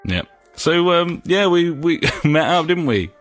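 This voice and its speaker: A man's voice: on the high side, animated, a little slow, a bit bright, faint music behind. A man from England hosting a casual gaming podcast, joking sarcastically and swearing freely. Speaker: podcast host.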